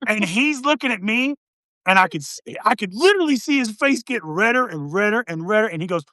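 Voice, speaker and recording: A man co-hosting a casual chat, telling an army anecdote in a wry, deadpan way. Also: high voice, a little fast, no echo. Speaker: podcast co-host.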